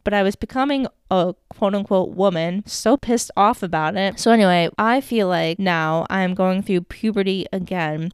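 Young woman, podcast host, solo casual monologue, candid, swears often, rambling with fillers, crystal-clear voice. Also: medium pitch, no room sound, studio quality.

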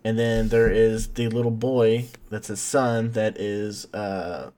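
A man's voice: fairly low pitch, flat delivery, takes it slowly, dark tone. A man hosting a podcast, recapping an episode in a casual, jokey way and calling his cohosts by name. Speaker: podcast host.

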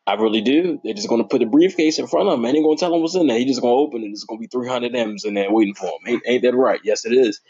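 Excitable man on a lo-fi sports podcast. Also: rapid-fire, hardly any pauses, husky. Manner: animated, voice jumps high when excited; informal, slangy and playful. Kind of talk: casual sports talk. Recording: dull lo-fi recording.

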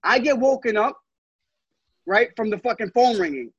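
A young man tells a story on a podcast, his voice pitched very high and husky. He laughs through his story and swears freely. The sound is close and dry. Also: lively intonation, normal speed, fairly bright tone, no echo, muffled recording. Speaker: podcast co-host. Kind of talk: casual chat, storytelling.

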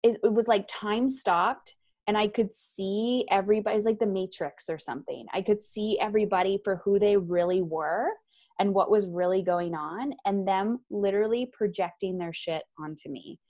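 A woman guest telling a personal story frankly and with energy, acting out the voices of people she quotes. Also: mid-range voice. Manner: frank and animated, acts out quoted voices, quick asides. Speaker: guest, author. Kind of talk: candid personal storytelling in conversation. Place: lives in Ontario, Canada.

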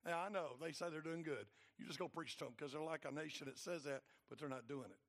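Gravelly high-voiced preacher. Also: male voice, fast. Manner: swings from loud preaching to low, quiet asides. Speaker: pastor. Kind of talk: sermon.

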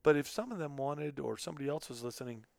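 A middle-aged man chatting on a podcast, talkative and full of "you know"s, easily moved by his own stories. His voice sits at an ordinary pitch with a gravelly edge, and the sound is dry and close. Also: fast talker, darkish tone, dry recording. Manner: talkative, emotional, many fillers. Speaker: podcast host. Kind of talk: casual podcast chat.

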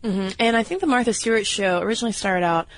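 A woman co-hosting a podcast in casual chat, wry and quick to laugh, a little hoarse from a cold. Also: medium pitch, dry recording. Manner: chatty, wry, laughs easily. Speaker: podcast co-host.

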